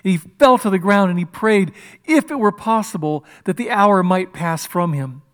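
A man preaching a sermon with passion, moving between loud declarations and hushed, intimate passages. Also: high voice, moderate pace. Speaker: pastor.

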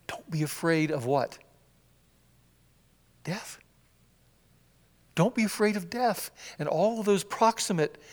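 A man preaching a sermon in a church, acting out scripture quotes with sudden swings from loud cries to hushed whispers. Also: a little high, in a large hall. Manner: animated, acts out quotes with swings from shouts to whispers. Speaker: pastor. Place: church sanctuary.

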